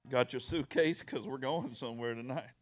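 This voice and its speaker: A middle-aged pastor, preaching a sermon in church and swinging from loud to quiet. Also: male voice, medium pitch, moderate pace, no echo. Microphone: handheld or stand mic with sound operator.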